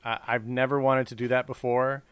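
Male podcast co-host, mid pitch, earnest and eager, casual conversation. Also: flat delivery, brisk, fairly bright tone, clean tone, no echo. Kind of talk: casual chat.

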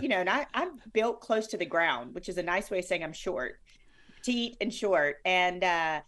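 A middle-aged woman talking as a guest in an interview, bubbly and over the top. Her voice sits a little low, and her stories come out in an effusive, animated rush. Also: moderate pace. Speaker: guest, former sportscaster. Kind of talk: conversational interview.

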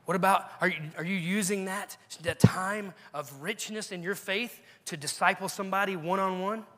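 A man's voice: sits high, fairly even intonation, moderate pace, pushed and bright, big-room sound. A male pastor preaching a sermon in a church, earnestly urging his listeners with repeated questions. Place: church sanctuary.

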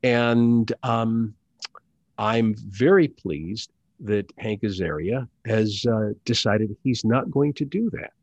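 A middle-aged man talks very slowly and carefully, pausing on fillers and restarting phrases as he works through his thoughts. The recording sounds dull and lo-fi, with a dry, close sound and no room echo. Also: fairly low pitch, a little mellow. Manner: slow, deliberate, hesitant with many fillers and restarts. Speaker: commercial actor and audiobook narrator, guest. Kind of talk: conversational interview.

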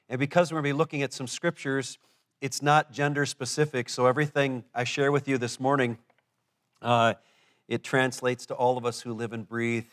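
A man preaching a Father's Day sermon in church, in a folksy way, telling joke stories with frequent fillers and restarts. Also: mid-range voice. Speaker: pastor.

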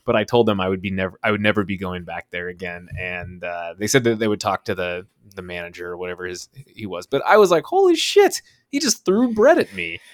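A young man with a lowish voice tells a story in casual chat over a remote call, cursing freely and jumping into lively impressions of the people in it. The sound is dry and close. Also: quick pace, few pauses, no echo. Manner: animated storyteller, swears freely, acts out quotes. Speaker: podcast co-host.

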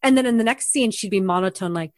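A young woman co-hosting a movie review podcast, exasperated and expressive, swearing freely. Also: mid-range voice, quick pace, no echo, clean studio sound. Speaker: podcast co-host. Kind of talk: casual movie review chat.

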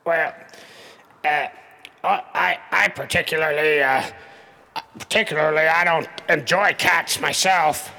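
A man's voice: on the high side, steady tone, a little slow, creaky, pauses often, bright, forceful tone, heavily acted. A man playing a foul-mouthed counselor who hates cats, ranting and sputtering with constant swearing. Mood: grumpy. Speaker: host. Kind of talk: improvised comedy sketch.

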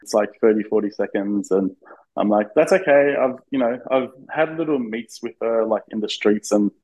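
A man's voice: on the low side, moderate pace, dark tone, poor audio. An Australian man, a podcast guest, telling an eager, nervous story with lots of fillers and restarts. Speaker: interview guest, fan. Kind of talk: casual storytelling in a podcast interview.

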